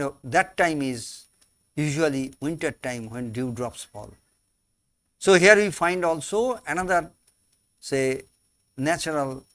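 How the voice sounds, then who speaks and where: A man, teaching a poem slowly in class, repeating and rephrasing key words. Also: on the high side, a bit bright, no echo. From India. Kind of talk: slow classroom explanation of a poem.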